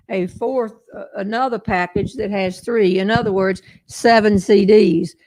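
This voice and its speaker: An older woman with a Southern American accent talks in a chatty, folksy way. Her voice has a gravelly fry, and it sounds close and dry, with no room around it. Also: mid-range voice, a little mellow, no room sound. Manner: folksy, chatty storyteller, laughs often. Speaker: host. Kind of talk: casual livestream chat.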